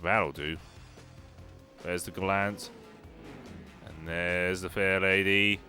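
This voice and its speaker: Speaking slowly in a low voice with a sharp tone and fairly even intonation, a young gaming YouTuber provides casual, wry commentary on a racing game. He responds to his live chat while game music and car engines sound behind him.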